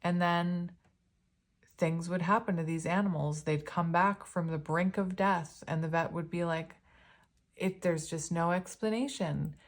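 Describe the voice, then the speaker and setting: A woman's voice: fairly low pitch, steady tone, measured pace. A woman giving a casual spiritual tarot reading, talking in an earnest, rambling way with lots of "like" and "you know". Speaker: tarot reader.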